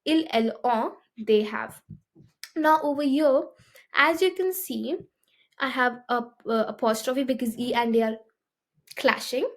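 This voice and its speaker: Unhurried and pausing often, a woman with a somewhat high voice leads a beginner French lesson. She explains each step in turn and repeatedly checks in with her audience, frequently asking "okay?".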